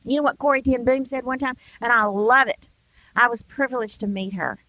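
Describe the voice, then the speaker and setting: A woman's voice: a little high, a little fast, dry recording. An older woman speaker giving an emphatic Christian devotional talk, acting out everyday excuses in quoted voices. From United States. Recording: dull, dry sound.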